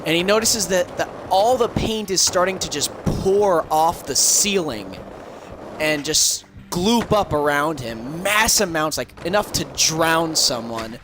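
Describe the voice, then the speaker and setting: A man's a-little-high, animated voice moves at a measured pace as he casually recounts a film's story on a game stream. His telling is rambling and profane with many fillers, and the sound is crackly with background noise.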